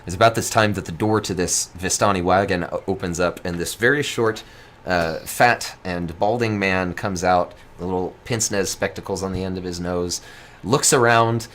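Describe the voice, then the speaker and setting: Low-voiced guy running a tabletop game, laid back, lots of ums. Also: normal speed. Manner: relaxed, chuckling, filler-heavy narration. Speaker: game master.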